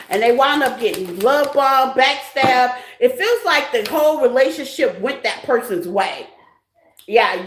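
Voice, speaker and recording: Woman tarot reader, high voice, frank and giggly, roomy echo. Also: fairly bright tone. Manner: laughs often, frank and profane, says "okay?" constantly. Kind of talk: casual tarot reading to viewers.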